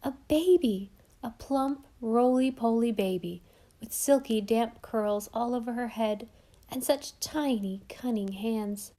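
A woman reading a novel aloud as narrator with gentle, expressive storytelling. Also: a little high, slow. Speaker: audiobook narrator. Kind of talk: scripted narration.

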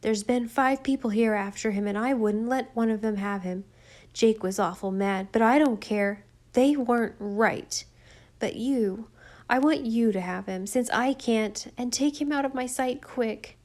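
A woman's voice: fairly high pitch, measured pace, a little mellow, lightly acted. A woman doing a choked, grieving farm boy. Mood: choked grief. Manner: choked, hoarse, defiant. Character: grieving farm boy, about twelve, stubborn.

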